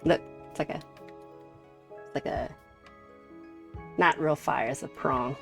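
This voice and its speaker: A woman's voice: deep voice, takes it slowly, soft background music. A woman in her thirties chatting casually on a live stream while doing a card reading, greeting viewers by name and laughing often.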